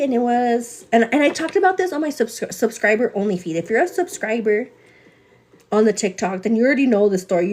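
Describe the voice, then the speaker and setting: A woman's voice: medium pitch, a little mellow, slight background noise. A young woman hosting a live morning show, telling a long story in a casual, chatty way and calling her viewers girl.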